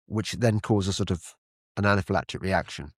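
A man's voice: low voice, a little fast, no room sound, clean studio sound. A British man hosting a podcast, chatting casually and rambling, often stumbling and repeating his words. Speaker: podcast host. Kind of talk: casual conversation.

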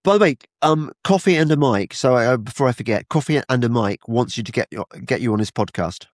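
A man's voice: mid-range voice, lively intonation, brisk, no echo, studio quality. A man hosting a casual podcast chat, often stumbling and restarting his sentences. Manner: hesitant, stammering restarts. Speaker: podcast host.

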